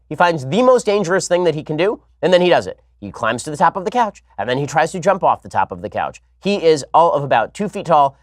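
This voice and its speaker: Man, talk show host, rapid-fire monologue, sarcastic asides, somewhat high voice. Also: dry recording, studio quality. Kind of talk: fast opinionated monologue with sarcasm.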